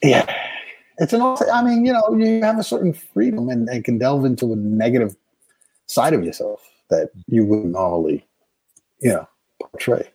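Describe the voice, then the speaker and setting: A man with a slightly husky voice speaks in a casual, reflective way, circling back and restarting as he thinks. The recording is dry and close-miked. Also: medium pitch, lively intonation, darkish tone, no echo. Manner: thoughtful, halting, many restarts and fillers. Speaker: actor being interviewed. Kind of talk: casual conversation.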